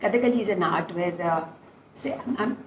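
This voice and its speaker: A woman's voice: medium pitch, fairly quick. An older woman, a dance guru animatedly telling stories from her own training and acting out what her teachers said. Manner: animated storytelling, acting out quotes. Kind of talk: reminiscing interview. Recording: echoey room with faint noise.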